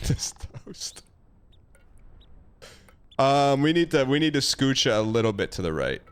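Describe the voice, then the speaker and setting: A man streaming a video game live, talking to his chat in a rambling, excitable way with many restarts. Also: mid-range voice, fairly quick, smooth.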